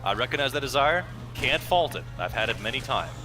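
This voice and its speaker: A man's voice: medium pitch, animated, fairly quick, over music. A man co-hosting a gameplay video, talking in a musing, analytical, wordy way. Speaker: co-host gaming commentator. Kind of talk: casual gameplay chat.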